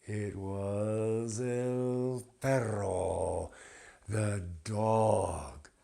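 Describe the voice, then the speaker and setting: A man telling a folktale for an audience, animated and deliberate, slipping in Spanish phrases. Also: on the low side, gravelly. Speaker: storyteller. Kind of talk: bilingual folktale storytelling.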